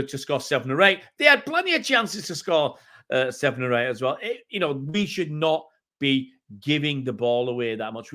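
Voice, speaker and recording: A man's voice: on the high side, fairly bright tone. Exasperated middle-aged man ranting. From England. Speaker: fan channel host. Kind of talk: live-stream match reaction.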